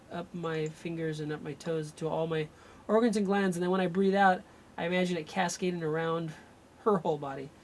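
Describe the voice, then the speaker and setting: A man's voice: sits high, a little hiss or hum. Rambling man running a live healing session. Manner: rambling, thinks aloud, breaks off mid-sentence. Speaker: energy healer; radio show host.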